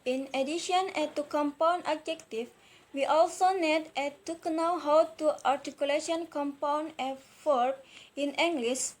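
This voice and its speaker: A woman's voice: high-pitched, unhurried, low-quality recording. A young woman whose first language is Indonesian, presenting a student lesson on word stress, hesitant, with many fillers and careful repeated words. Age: young adult.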